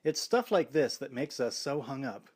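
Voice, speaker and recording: A man's voice: mid-range voice, animated, moderate pace, a little mellow, husky. A man voicing a frustrated teenage boy, muttering his thoughts in a sour, impatient way.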